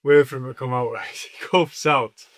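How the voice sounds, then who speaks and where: A man's voice: mid-range voice, moderate pace, no room sound, clean studio sound. A man, telling stories as a comedian co-host of a casual podcast, swearing constantly. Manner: swears constantly, animated anecdotes. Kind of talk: casual storytelling chat.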